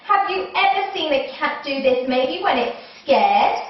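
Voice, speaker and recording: A woman's voice: high-pitched, lively intonation, measured pace, recorded from a distance. A young woman leading a children's yoga class, playful and encouraging, making animal noises as she goes. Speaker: kids' yoga teacher. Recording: echoey room, mic set back, dull sound.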